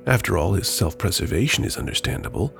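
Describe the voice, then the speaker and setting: A man's voice: sits low, animated, fast talker, gravelly, fairly bright tone, faint music behind. A man hosting a podcast, reading a scripted introduction and a folktale with a dry, playful delivery. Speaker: podcast host. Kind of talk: scripted narration.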